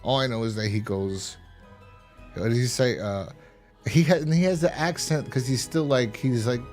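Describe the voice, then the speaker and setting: A man's voice: moderate pace, a little mellow, faint music behind. A young man hosting a casual podcast review, rambling and swearing, acting out scenes. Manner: rambling, profane, acts out scenes in high voices. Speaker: podcast host.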